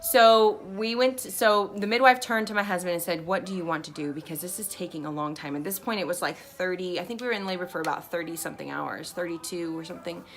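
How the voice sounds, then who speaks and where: A young woman casually telling a personal story, chatty and lively, often acting out what others said. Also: fairly low pitch, quick pace, few pauses. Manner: chatty, animated quoting of others, frequent "like". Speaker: vlogger.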